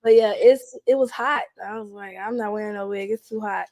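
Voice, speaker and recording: A woman's voice: mid-range voice, a little fast. A young adult woman telling candid stories in an interview, laughing often and acting out what people said. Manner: animated, laughs often, acts out quotes. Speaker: guest.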